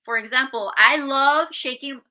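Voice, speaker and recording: A woman co-hosting a casual podcast, with a slightly high and very bright, sharp voice. She comes across earnest and upbeat and laughs easily as she shares personal tips. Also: normal speed, rough recording. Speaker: podcast co-host.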